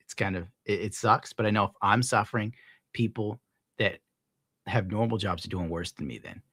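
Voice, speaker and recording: A man ranting casually on his stream at home, swearing, laughing often and scolding his dog loudly between points. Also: on the low side, slightly rough, no echo, clean studio sound. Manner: profane, rambling, laughs often. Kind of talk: casual rant on a live stream.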